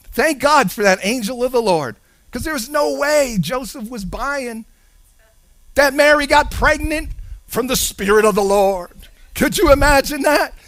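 A male preacher delivering a sermon, animated, shifting between hushed and loud with sing-song emphasis. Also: very high voice, no room sound.

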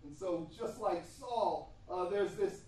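Brief: male pastor, high voice, repeats key lines for emphasis, many "uh"s, heard from across a very echoey church hall. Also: slow, warm tone. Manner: repetitive, emphatic preaching with many hesitations. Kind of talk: sermon. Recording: echoey room from far off.

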